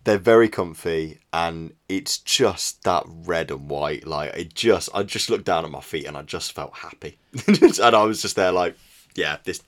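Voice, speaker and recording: Man, very low voice, laid-back podcast co-host, hesitant casual chat. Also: measured pace. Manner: laid-back, hesitant with ums and trailing phrases.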